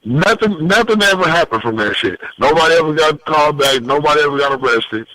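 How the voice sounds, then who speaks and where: A man as a podcast guest telling a story in a lively, profane way, with big pitch swings when he quotes people. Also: fairly quick, dry recording, low-quality recording. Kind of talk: animated storytelling.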